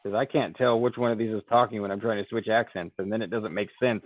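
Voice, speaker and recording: A man's voice: on the low side, steady tone, fast talker, hardly any pauses, dry recording. A man co-hosting a podcast, reading a novel aloud and breaking off with apologetic, self-correcting asides. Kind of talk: casual reading and chat. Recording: tinny phone-like line, dry.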